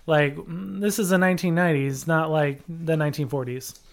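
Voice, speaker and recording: A young man tells a story on his podcast in a smooth, clear voice. He rambles, fills gaps with ums and likes, and grows animated as the story goes on. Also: a little high, brisk. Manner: rambling, animated, full of fillers. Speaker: podcast host. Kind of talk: casual storytelling.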